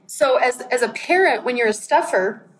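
A woman's voice: a little high, expressive, moderate pace, poor audio. A woman in her forties giving a candid, conversational sermon and acting out her own quotes. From United States. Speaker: pastor.

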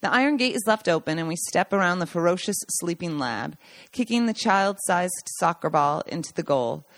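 A woman reading her own memoir aloud as a podcast host, telling the story warmly with small slips and restarts. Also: on the low side, expressive, moderate pace, no room sound. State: choked up at times.

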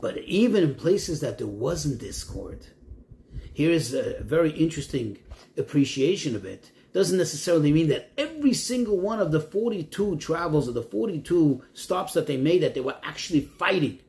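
A man's voice: on the high side, normal speed. A man, a rabbi, teaching a Torah lesson, posing questions and quoting Hebrew verses before translating them. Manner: animated, rising and falling emphasis.

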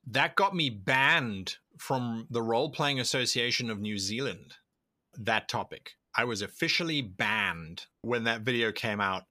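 A man being interviewed as a tabletop role-play video creator, explaining at length in an animated way and acting out the thoughts he quotes. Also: mid-range voice, dry recording, clean studio sound. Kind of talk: conversational interview answers.

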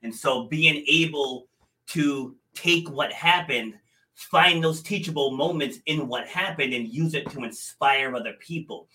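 Chatty New England man, bright voice. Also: medium pitch, low-quality recording. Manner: friendly, chatty, laughs often. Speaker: podcast host. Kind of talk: casual interview chat.

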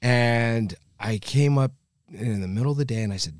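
A man's voice: medium pitch, normal speed, no echo, clean studio sound. A man, a stand-up comedian, telling stories in a casual podcast chat, swearing freely and acting out the people he quotes. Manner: storytelling, animated, swears freely, acts out quoted voices.

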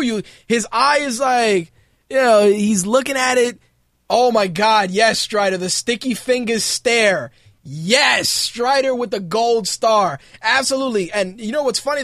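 A man's voice: high voice, no echo, studio quality. A man hosting a podcast, ranting casually and mockingly with plenty of swearing. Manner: profane, mocking rants, animated. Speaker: podcast host. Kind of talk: casual wrestling commentary.

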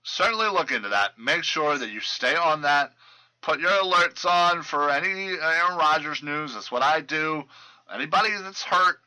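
A man's voice: on the high side, animated, moderate pace, bright, forceful tone, rough recording. Chatty man rambling through football news. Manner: loose and rambling, many fillers and restarts. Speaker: fantasy football podcast host. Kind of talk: casual sports news chat.

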